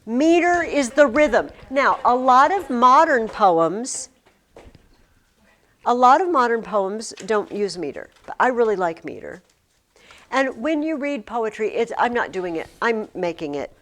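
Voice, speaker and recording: Animated woman teacher chanting rhythms. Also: a little high, unhurried. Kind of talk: classroom teaching. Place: classroom.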